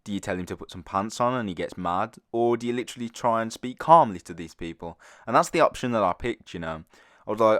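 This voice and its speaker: Low-voiced teen telling a story. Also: male voice, fast, no echo, clean studio sound. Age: teens. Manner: rambling, animated, with frequent fillers. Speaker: storytime channel host. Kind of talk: casual storytelling to camera.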